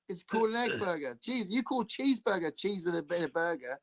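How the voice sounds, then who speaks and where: A man's voice: high voice, quick pace, vocal fry, hardly any pauses. A man from England, hosting a casual podcast chat over a video call, laughing often and restarting his sentences. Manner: laughs often, chatty and animated with frequent restarts. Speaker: podcast host.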